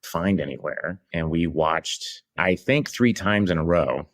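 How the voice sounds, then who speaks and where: A middle-aged actor guest on a podcast, telling animated stories with quick restarts. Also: male voice, deep voice. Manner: animated storytelling with restarts and laughs. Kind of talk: podcast interview anecdote.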